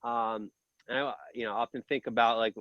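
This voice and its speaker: A man reminisces in a rambling, halting way, often stopping to restart. His voice sounds dull and dry in the recording. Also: medium pitch, little pitch movement, dry recording. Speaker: old friend. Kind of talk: casual reminiscing.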